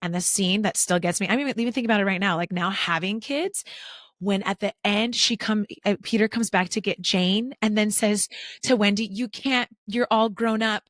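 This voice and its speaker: Woman host in her thirties, chatty and enthusiastic, dry close sound, mid pitch. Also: fairly quick, fairly bright tone, no echo. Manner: chatty, enthusiastic, lots of fillers. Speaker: podcast host. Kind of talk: casual interview chat.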